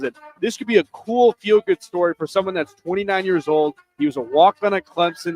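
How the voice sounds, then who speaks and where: A man co-hosting sports radio, telling a sports news story in a steady, earnest way. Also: a little high, rough recording. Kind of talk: reading sports news segment.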